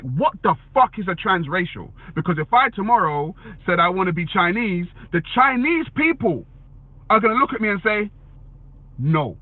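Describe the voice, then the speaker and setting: A man's voice: high-pitched, dry recording. Blunt man on a tinny line. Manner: blunt, swears, repeats "you know what I'm saying". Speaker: commentator reading viewer comments. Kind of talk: casual opinion monologue. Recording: tinny phone-like dry sound.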